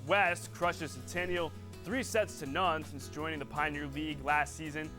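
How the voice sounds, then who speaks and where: Host, male, bright upbeat read, jokey local sports desk, music bed behind. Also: a little high. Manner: playful, sings snippets and does bits. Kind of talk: scripted sports news with jokes.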